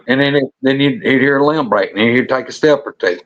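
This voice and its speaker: A man's voice: mid-range voice, a little fast, few pauses, highs cut off. A man from the South with a Southern US accent, a show guest recounting an encounter in a folksy, blunt and profane storytelling manner. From Alabama.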